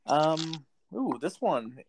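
A man's voice: fairly high pitch, very animated, very slow, a crowd in the background. A man hosting a casual sports chat, making game picks in a chatty way with sarcastic asides. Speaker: podcast host making football picks.

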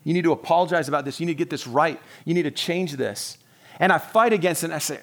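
A man with a fairly high voice delivers a Sunday sermon as the pastor, chatting with the congregation more than lecturing. He drops into short acted-out exchanges and chuckles along the way, keeping it loose and personal. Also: fast talker, a bit bright. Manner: conversational preaching, acts out dialogue with God, laughs often.

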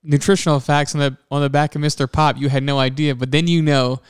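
A man's voice: a little high, little pitch movement, quick pace, clean tone, dry recording, studio quality. A man co-hosting a podcast in casual chat, teasing and laughing often. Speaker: podcast co-host.

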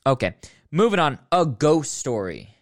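A man's voice: on the high side, sing-song, measured pace. A man hosting a podcast, delivering a mock-serious, sarcastic comedic rant that rambles and breaks into sudden outbursts. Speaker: podcast host ranking films.

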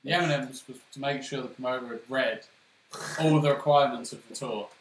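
A man's voice: mid-range voice, fairly even intonation, a little fast, a little hiss or hum. English male co-host, laid-back storyteller, roomy recording with faint ambience. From England. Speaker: podcast co-host. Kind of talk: casual chat.

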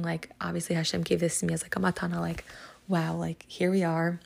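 A woman's voice: lowish voice, monotone, a little fast, gravelly, husky. A woman hosting a podcast lesson, telling a story in a chatty, casual way full of "like" and "um.". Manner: chatty, filler-heavy, lots of "like" and "um". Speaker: podcast host teaching Psalms.

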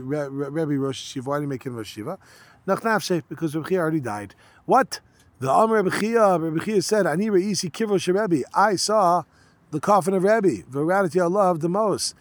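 A man with a fairly high voice teaches a Talmud page, recorded without echo. He reads the Aramaic lines aloud, then translates and explains them in casual English peppered with yeshiva terms.

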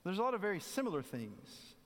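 A man's voice: high-pitched, sing-song, a little fast. A man preaching a sermon in a conversational way, acting out the voices of the people he quotes. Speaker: pastor. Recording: long hall reverb.

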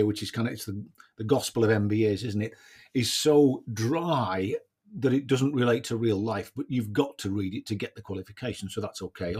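A man's voice: medium pitch, a little mellow, breathy edge. A man hosting a casual solo podcast, thinking aloud in a reflective way and often adding tag questions. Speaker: podcast host.

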